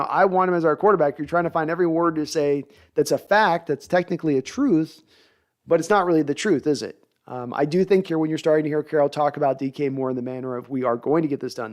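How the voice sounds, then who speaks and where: A man's voice: a little high, a little mellow. A man hosting a live sports talk show, reading viewer comments and analyzing players in a conversational, thinking-aloud way. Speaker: podcast host.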